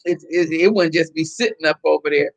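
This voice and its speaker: A middle-aged woman from the Southern United States hosting a casual live stream, chatting and reacting to viewer comments in an animated way. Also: low-pitched, a little fast. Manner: chatty and animated, laughing often. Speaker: host reading viewer comments.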